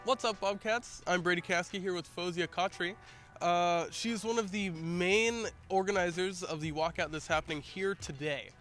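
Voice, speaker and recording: A man's voice: sits high, normal speed, fairly bright tone, soft background music. A teenage boy reporter casually interviewing a student organizer in an upbeat way. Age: teens.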